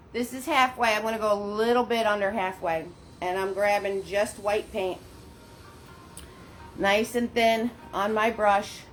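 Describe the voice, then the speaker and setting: A woman leading a live online painting class from her home, chatty and encouraging, laughing often and greeting viewers by name. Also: mid-range voice. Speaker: paint party instructor. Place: her home studio, indoors. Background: faint background music.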